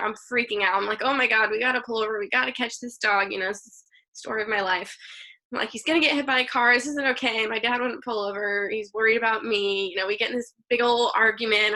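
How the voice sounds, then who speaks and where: A woman's voice: mid-range voice, pushed and bright. A woman in her thirties on a video call, sharing memories at a memorial and laughing through her tears.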